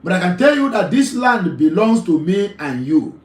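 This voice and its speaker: A man's voice: high voice, sing-song, moderate pace, reverberant, low-quality recording. Emphatic Nigerian man hosting a call-in show. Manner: emphatic, repeats phrases, laughs often. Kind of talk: live call-in talk show monologue.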